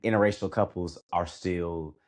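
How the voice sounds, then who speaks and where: A man's voice: sits low, fairly even intonation, moderate pace. Laid-back man in casual movie chat. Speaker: podcast co-host reviewing a film.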